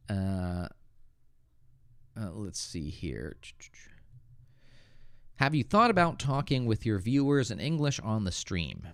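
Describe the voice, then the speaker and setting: A man's voice: on the low side, very animated, slow, long pauses, dry recording, clean studio sound. An American man hosting a casual livestream, teaching English and answering viewer questions, thinking aloud with hesitant restarts.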